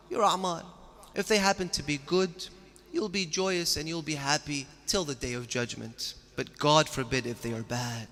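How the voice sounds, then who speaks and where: A man's voice: a little high, fairly bright tone. Man preaching a sermon in a reverberant hall. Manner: earnest, rising emphatic storytelling.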